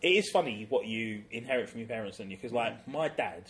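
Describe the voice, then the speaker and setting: A man's voice: medium pitch, expressive, a little fast, a bit bright, a little hiss or hum. A man cohosts a casual comedy chat, mocking himself as he goes. His stories keep breaking into laughs. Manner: self-deprecating, laughs through his stories. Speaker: podcast co-host.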